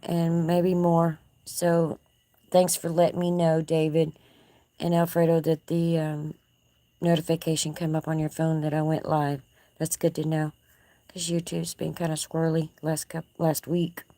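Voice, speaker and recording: Folksy Texan woman, live-stream host; low, mellow voice, easygoing porch chat. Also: completely flat delivery, measured pace, no echo. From Texas. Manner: folksy, chatty, talks to viewers and pets. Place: outdoor porch at dusk.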